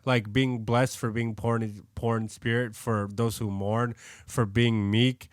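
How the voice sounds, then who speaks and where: A man's voice: mid-range voice, little pitch movement, unhurried, dry recording, studio quality. A man co-hosting a faith podcast, talking loosely and casually with lots of "like" fillers. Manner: loose and conversational, many "like" fillers. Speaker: podcast co-host. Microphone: studio podcast mic.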